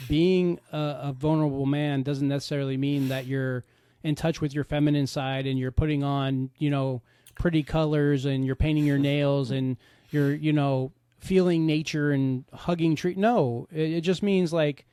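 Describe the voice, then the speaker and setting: A man's voice: fairly high pitch, steady tone, unhurried, warm tone, smooth, no room sound, studio quality. A man in casual podcast chat, talking candidly and bluntly, swearing freely.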